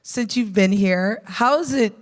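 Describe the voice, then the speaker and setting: A woman's voice: mid-range voice, unhurried. Giggly woman interviewer, echoey hall. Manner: giggly, chatty. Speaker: panel interviewer. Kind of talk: casual interview questions. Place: convention stage.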